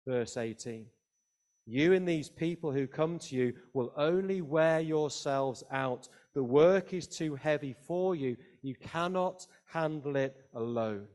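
Slow, deliberate male preacher. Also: a little high, a little mellow. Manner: slow, deliberate expository preaching with emphatic rises. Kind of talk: sermon.

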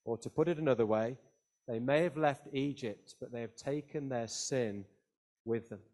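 A man preaching a sermon, reading scripture aloud and explaining it with deliberate emphasis. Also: mid-range voice, warm tone. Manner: slow, deliberate expository preaching with emphatic rises.

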